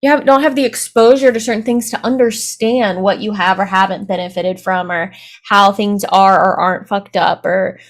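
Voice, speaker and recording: A woman's voice: mid-range voice, steady tone, normal speed. A young adult woman co-hosting a reaction show, reasoning through her points with sarcastic asides. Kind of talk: casual discussion.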